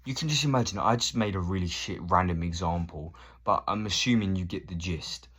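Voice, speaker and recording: A man's voice: sits low, a little fast, a bit bright, husky. A man in his thirties ranting casually to camera, swearing and acting out both sides of conversations. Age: 30s. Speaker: vlogger.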